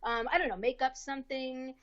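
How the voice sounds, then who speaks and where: An actress being interviewed on a podcast, telling a career story in a casual, lively way and acting out the people she quotes with changing voices. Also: high-pitched, a little fast, dull audio. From US East Coast. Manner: lively, acts out quoted dialogue with shifting voices.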